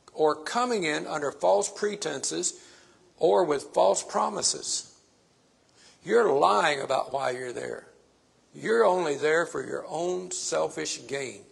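A man's voice: a little high, vocal fry, slightly rough. A man preaching a sermon, stressing his points by repeating phrases.

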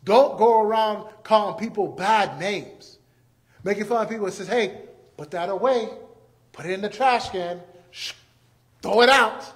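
A man's voice: high voice, normal speed. A man preaching a sermon, acting out everyday scenes and repeating key phrases for emphasis. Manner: animated, acts out everyday scenes.

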